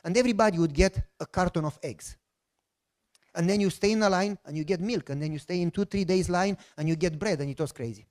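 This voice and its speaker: A middle-aged pastor from Romania, speaking English with a Romanian accent in a fairly high voice. He tells his testimony as an animated story and acts out the voices of the people in it. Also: fast talker.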